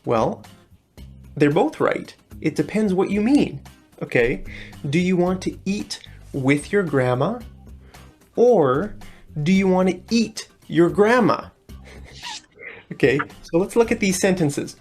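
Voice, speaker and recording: Low-voiced, unhurried English teacher. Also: female voice, animated, a little mellow, faint music behind. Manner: friendly, repeats "okay" often, explains slowly. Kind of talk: recorded English lesson video.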